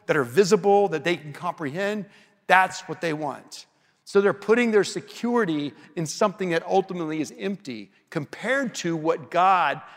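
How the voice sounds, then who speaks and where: A man preaching an expository sermon, slowing down and dropping his voice for emphasis. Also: fairly high pitch, in a large hall. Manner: varies pace and loudness for emphasis.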